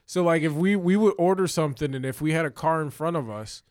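Here a young man spins a rambling, profane story for a comedy podcast, breaking into laughter as he goes. His voice sits a little high for a man and sounds close and dry. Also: quick pace, darkish tone, dry recording. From Chicago area. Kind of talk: casual storytelling banter.

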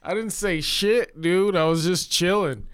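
A man's voice: sits high, measured pace, clear, resonant tone, no room sound, studio quality. A man with a Chicago accent, co-hosting a comedy podcast and telling a laid-back, profane story. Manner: profane, laid-back, animated when quoting himself.

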